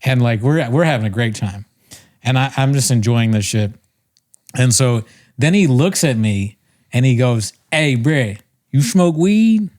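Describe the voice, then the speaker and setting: A man's voice: medium pitch, darkish tone. Rambling, self-mocking man telling a story. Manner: rambling, self-mocking, quick to laugh at himself. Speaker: podcast co-host. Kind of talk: casual storytelling chat.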